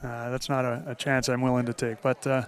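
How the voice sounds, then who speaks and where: A man's voice: mid-range voice, little pitch movement, brisk. A man calling live football play-by-play in an easygoing, folksy way. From Northern Ontario. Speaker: play-by-play commentator.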